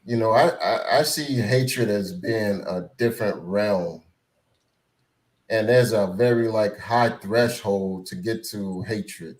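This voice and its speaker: A man sharing his view in a casual discussion, measured and reflective. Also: on the low side, darkish tone, poor audio. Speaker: podcast co-host.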